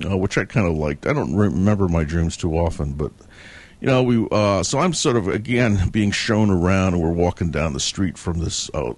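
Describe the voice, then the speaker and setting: A man telling the story of a dream in a casual monologue, meandering and reflective as he retells it. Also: low voice.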